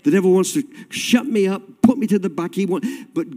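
A man preaching a sermon with passion, swinging from loud cries to quiet, low tones. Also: brisk, few pauses. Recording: long hall reverb.

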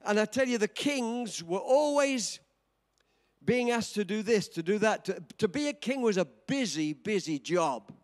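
An older man in his seventies preaching a sermon, telling a story with dramatic swings from quiet to shouting. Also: sits high, expressive, a little slow. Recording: long reverb of a large hall.

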